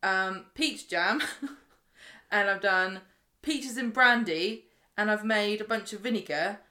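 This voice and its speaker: A woman co-hosting a podcast, chatting in a bubbly, lively way. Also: medium pitch, takes it slowly. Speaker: podcast co-host. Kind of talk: casual chat. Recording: roomy room sound.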